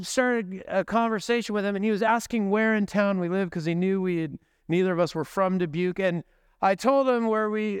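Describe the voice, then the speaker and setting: A man's voice: sits high, clear, resonant tone, no room sound, clean studio sound. A man preaching a sermon at a church service as the pastor, telling stories conversationally with joking asides.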